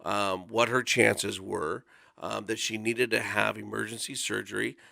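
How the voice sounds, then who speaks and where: A man in his forties tells a personal story in a radio studio, speaking earnestly with plenty of casual fillers. His voice is gravelly and bright, and the sound is dry and close. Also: fairly low pitch, little pitch movement, a little slow, dry recording. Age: 40s. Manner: earnest, conversational, with frequent fillers. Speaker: volunteer guest speaker.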